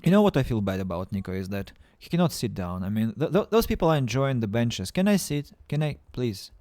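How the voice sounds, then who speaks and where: Halting man streaming a game. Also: on the low side, very animated, a little mellow, dry recording, clean studio sound. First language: Russian. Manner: halting, stammering restarts, playful self-mocking. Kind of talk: casual game-stream chat.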